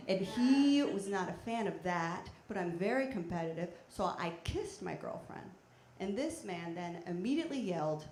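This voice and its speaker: Woman, stand-up comedian, deadpan chatty delivery, echoey room, faint hiss. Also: on the low side, fairly quick. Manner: deadpan, chatty, with bursts of loud shouting. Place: theater stage before a live audience. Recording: echoey theater with faint noise.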